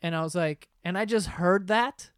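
Recorded with clean, studio-quality sound and no room noise, this young man speaks in a high voice at normal speed. He hosts a podcast, spinning casual stories with friends, laughing through them, cursing openly, and performing other people's dialogue.

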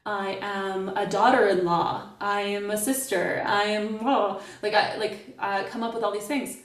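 A woman's voice: medium pitch, fairly even intonation, measured pace. Middle-aged woman, chatty guest, playful storyteller, roomy off-mic sound. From Canada. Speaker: podcast guest. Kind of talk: casual podcast conversation. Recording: echoey and distant from the mic.

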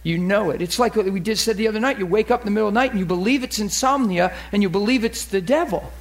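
A man preaching as a pastor, animated and acting out quoted voices in a lively sermon. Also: high-pitched, fast.

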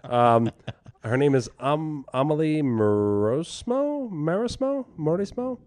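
A man's voice: fairly high pitch, sing-song, slow, a little mellow, no room sound, clean studio sound. A man co-hosting a comedy podcast, chatting casually with stammering restarts. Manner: stammering restarts, laughing easily. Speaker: podcast co-host.

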